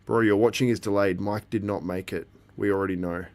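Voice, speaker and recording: Chatty male livestream host, lowish voice. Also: steady tone, fairly quick. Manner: chatty, reacting to the live feed and chat, laughs often. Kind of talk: casual live commentary.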